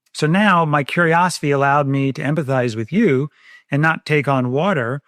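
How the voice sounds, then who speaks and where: A man's voice: a little high, normal speed, fairly bright tone, no room sound, studio quality. A man co-hosting a parenting podcast, talking in a reflective, casual way and explaining ideas through everyday examples.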